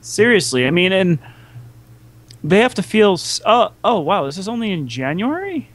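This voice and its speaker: Podcast co-host, man, higher than average voice, wry and exasperated storyteller. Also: sing-song, moderate pace, a bit bright. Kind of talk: casual chat.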